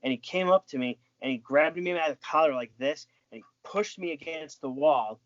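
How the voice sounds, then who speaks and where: A former wrestling referee is interviewed and tells stories casually, rambling with frequent restarts and filler words. His voice is a little high and his pace normal, and the audio is lo-fi.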